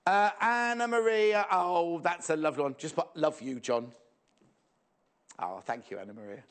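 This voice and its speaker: A man's voice: a little high, normal speed. A man presenting a live shopping show in a playful, jokey, chatty way, reading out viewer messages.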